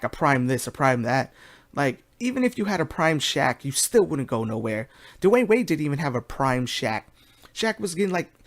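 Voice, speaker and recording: A man's voice: medium pitch, fairly bright tone. Heated young man ranting solo. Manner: heated, swearing, loose and rambling. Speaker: podcast host. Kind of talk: solo casual rant.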